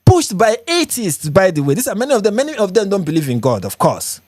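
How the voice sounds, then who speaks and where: Brief: Nigerian male livestream host, emphatic, repeats lines for effect, lively delivery, dry sound. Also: sits high, fast talker, dry recording. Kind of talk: live reaction commentary reading viewer comments.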